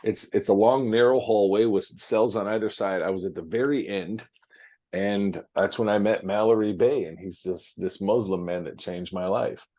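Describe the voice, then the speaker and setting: A man's voice: lowish voice, moderate pace, dark tone. A man talking frankly as an interview guest, with many fillers and restarts, from his office. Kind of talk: casual interview storytelling.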